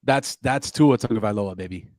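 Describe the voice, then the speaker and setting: Profane deadpan male comedian. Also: fairly low pitch, moderate pace, no room sound, studio quality. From South Florida. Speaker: guest comedian. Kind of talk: casual podcast chat, storytelling.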